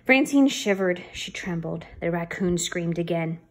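A woman reading a children's chapter book aloud, chatty asides and lively, playful changes of voice for the characters. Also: on the low side, a little slow. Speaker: storybook reader.

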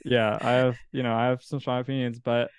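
Man, steady monotone delivery, smooth clear tone, dry close sound, casual podcast guest. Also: medium pitch, a little fast, dry recording. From California. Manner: relaxed, rambling, with fillers and restarts. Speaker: coffee business owner, guest.

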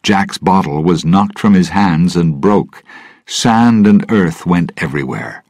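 A man narrating a story slowly and deliberately for English learners. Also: sits low, expressive, darkish tone, dry recording, studio quality. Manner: clear, deliberate. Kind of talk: slow scripted story reading for English learners.

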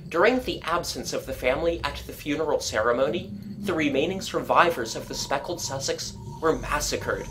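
A woman narrating a short story in an expressive, measured reading. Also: low-pitched, rough recording.

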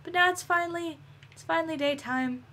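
A young woman giving casual, excitable gameplay commentary, swearing and laughing often. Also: very high-pitched, brisk. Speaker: gameplay video creator.

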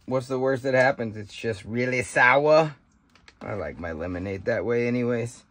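In a dry recording, a mid-range male voice moves at a moderate pace. The homesteading vlogger casually demonstrates how he gathers and prepares berries, rambling folksily and thinking aloud with many fillers and asides, first outdoors by trees, then in a kitchen.

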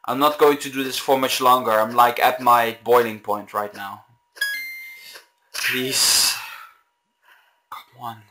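A young man hosting a gaming video, raging and yelling in frustration, slow and exasperated between outbursts of laughter. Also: medium pitch, fairly even intonation, background noise. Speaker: gaming channel host. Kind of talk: gaming commentary.

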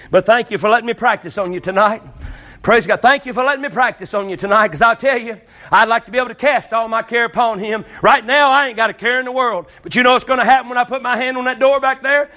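High, bright-voiced fervent male preacher. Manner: fervent, rising to shouts with folksy asides. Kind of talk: altar call sermon. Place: church service.

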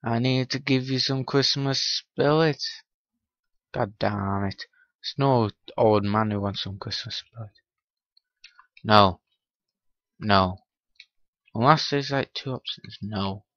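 Slow-talking man, dull dry lo-fi sound. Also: lowish voice, fairly bright tone, dry recording. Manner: mutters to himself and teases game characters, grows irritated. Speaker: gaming channel host. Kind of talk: Minecraft let's-play commentary.

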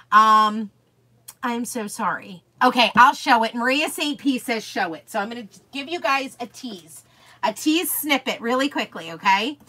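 A woman's voice: high voice, sharp tone. A woman hosting a chatty live craft stream, greeting viewers by name and gushing over products, easily sidetracked. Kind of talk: chatty live-stream demo, reading viewer comments aloud.

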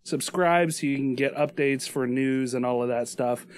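A man's voice: medium pitch, normal speed. A man co-hosting a podcast in casual chat, joking and rambling with restarts and laughs. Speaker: podcast co-host.

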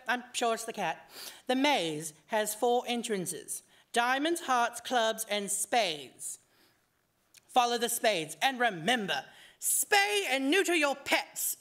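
A woman voicing an excitable, scatterbrained male hatter who rambles from one topic to the next. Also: fairly high pitch, takes it slowly. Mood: rambling. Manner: rambling, jumping between topics.

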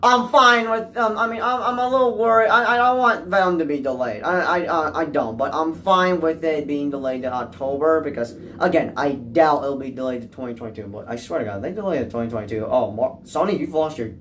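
A man vlogging about movies in a rambling, anxious and excitable rant, stammering and restarting as he talks, recorded at home. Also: on the high side, a little fast, hardly any pauses, slight background noise.

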